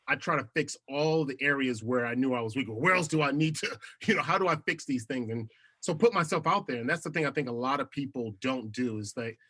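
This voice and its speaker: Bright-voiced animated man telling stories. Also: mid-range voice. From United States. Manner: animated, laughs often. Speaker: podcast guest, TV host. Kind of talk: casual interview storytelling.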